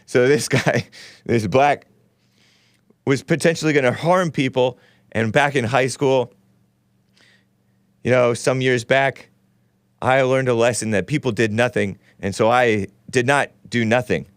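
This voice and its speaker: A man's voice: mid-range voice, fairly even intonation, measured pace, long pauses, dry recording, clean studio sound. A man hosting a casual call-in talk show, rambling and sarcastic, reading news aloud with his own running commentary and stumbling over names.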